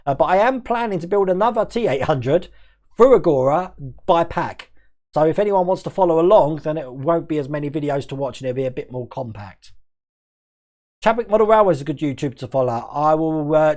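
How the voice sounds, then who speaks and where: Live stream host, male, mixed Australian-English accent, fairly high voice, chatty and quick, laughs a lot. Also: expressive, a little mellow. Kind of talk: casual live stream chat, reading viewer comments.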